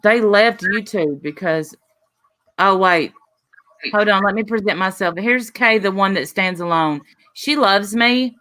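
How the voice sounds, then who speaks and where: A woman's voice: medium pitch, measured pace, pushed and bright. A woman hosting a casual livestream, rambling and trailing off mid-sentence as she chats with her co-host.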